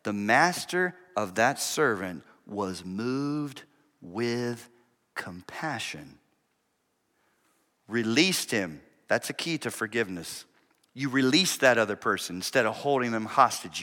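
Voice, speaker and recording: A man preaching a sermon as pastor, swinging from hushed, low asides to loud, shouted peaks. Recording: preached in a reverberant hall.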